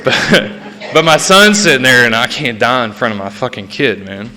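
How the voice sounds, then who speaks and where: A man's voice: mid-range voice, expressive, normal speed, pushed and bright. A man sharing a personal recovery story at a meeting, profane and self-mocking, laughing at himself as he talks. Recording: reverberant hall.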